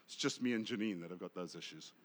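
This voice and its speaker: A South African man preaching a sermon, swinging from loud emphasis to hushed asides. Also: sits low, quick pace, in a large hall. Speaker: pastor.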